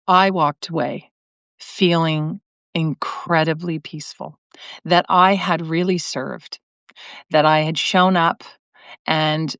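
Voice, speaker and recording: A woman's voice: deep voice, fairly bright tone, dry recording. Middle-aged woman host, earnest storyteller who restarts often; dull livestream mic sound. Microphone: computer mic on a live video stream. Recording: dry, slightly muffled stream audio.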